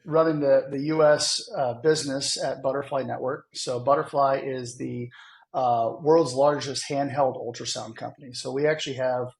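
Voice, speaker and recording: A man talks enthusiastically as a podcast guest, explaining his work with plenty of fillers. His voice has a strong gravelly fry at an ordinary middle pitch. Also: steady tone, normal speed. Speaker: guest, sales executive. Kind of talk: casual interview chat.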